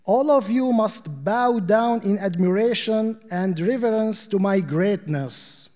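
A man reading a fable aloud, voicing a vain female middle finger who boasts loudly and haughtily. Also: a little high, lively intonation, takes it slowly. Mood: haughty. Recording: long hall reverb.

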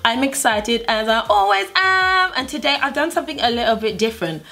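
A woman's voice: high-pitched, animated, fairly quick, sharp tone. A young woman chatting in a bubbly, playful way as she walks through a makeup tutorial for her channel. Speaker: beauty vlogger. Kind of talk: casual makeup tutorial chat.

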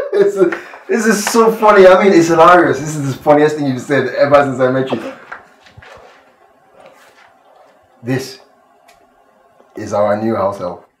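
A man's voice: on the low side, a little hiss or hum. An actor playing an arrogant, scornful husband and father with a Nigerian accent, mocking and contemptuous.

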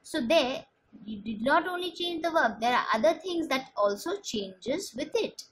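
A high-voiced woman teaches a grammar lesson, her pitch swinging widely as she stresses each example. She explains slowly and repeats herself for emphasis, with a faint hiss of room noise behind her. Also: animated, fairly bright tone, rough recording. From India. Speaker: school English teacher.

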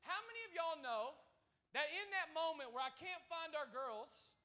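A man in his thirties preaching a sermon to a church congregation, telling a story in an animated way. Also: very high-pitched, normal speed. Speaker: pastor. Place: church service.

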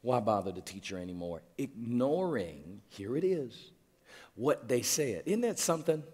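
A man's voice: mid-range voice, very animated, measured pace, darkish tone. A man preaching a sermon as pastor, driving his point home with emphatic repetition and stammered restarts. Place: church auditorium. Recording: long reverb of a large hall.

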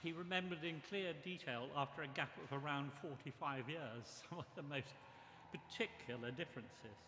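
An older man giving a memorial tribute speech, reminiscing in a measured way. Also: a little high, noisy background. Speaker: memorial speaker. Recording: echoey hall with long reverb.

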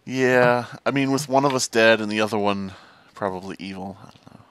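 A man's voice: lowish voice, a little fast, fairly bright tone, clean tone, no room sound. A man hosting a gaming channel, chatting playfully and rambling with friends during a game. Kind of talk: casual voice chat while gaming.

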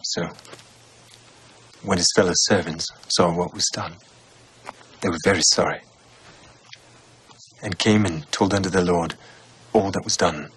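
A man giving a solemn, measured reading of the gospel in old-fashioned English. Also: low voice, steady tone, fairly bright tone, breathy edge. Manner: measured, unhurried phrasing. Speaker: scripture reader.

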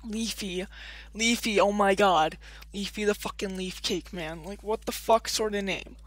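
A man's voice: high voice, unhurried, a bit bright, poor audio. A man doing a profane, defiant rant as a YouTuber addressing his viewers. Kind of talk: ranting vlog to camera.

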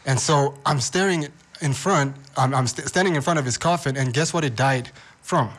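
A man from Namibia speaks as a guest in a radio studio, recounting his past in a relaxed, rambling way. His voice sits at a middling pitch, and his talk is full of slang, fillers and words said twice over. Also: normal speed, slightly rough. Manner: loose, slangy storytelling with many fillers and repeated words. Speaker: guest, rapper turned preacher. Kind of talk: casual radio interview storytelling.

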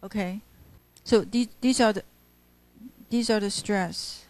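A woman university lecturer with a Taiwanese Mandarin accent, switching between Mandarin and English in class, pausing often and stressing words as she scans poetry. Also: medium pitch, steady tone, a little mellow, no echo. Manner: halting, many "uh" fillers, stresses words while scanning poetry.

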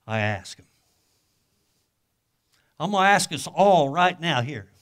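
An older man preaching a sermon in a folksy, homespun way. His voice sits a little high for a man, and he tells stories with plain, everyday grammar. He swings from loud bursts to quiet, hushed asides. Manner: colloquial grammar. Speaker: guest pastor.

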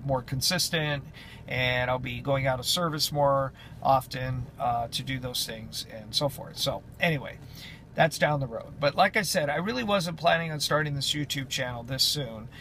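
A man's voice: mid-range voice, fairly bright tone, a little hiss or hum. Rambling man giving a casual vlog update. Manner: rambling, many fillers and restarts. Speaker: truck driver vlogger.

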